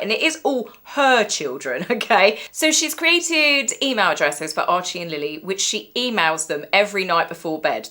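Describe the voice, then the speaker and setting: A woman's voice: mid-range voice, sharp tone. A woman giving mocking, gossipy commentary on the royals as a vlog host. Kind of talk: sarcastic commentary.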